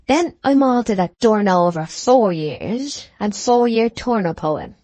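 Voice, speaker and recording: A woman reading the part of an aged, testy village maltster in an audiobook, with slow, drawn-out rustic speech. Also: medium pitch, big pitch swings, mellow, no echo, pitched above the performer's own voice. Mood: ponderous.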